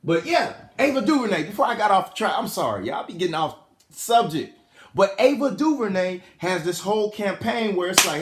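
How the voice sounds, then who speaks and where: A man's voice: sits high, moderate pace, roomy sound, slight background noise. A man in a casual commentary vlog, talking straight to his viewers in a slangy way, often repeating himself, from a hot room at home. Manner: animated, talks to his viewers and chat directly. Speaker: vlogger.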